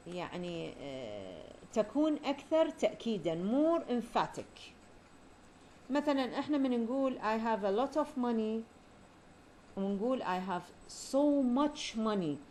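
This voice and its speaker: Woman, mid-pitched, teaching grammar patiently, slowing down on examples; faint hiss behind. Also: darkish tone. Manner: explanatory, repeats key terms, slows down for English examples. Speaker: English teacher. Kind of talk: grammar lesson mixing Arabic and English.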